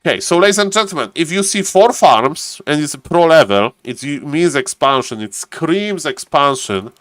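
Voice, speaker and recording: A man's voice: fairly high pitch, animated, moderate pace, no echo. Non-native man casting a game live. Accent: non-native English. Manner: chatty, greets chat viewers, repeats "ladies and gentlemen". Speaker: game caster and streamer.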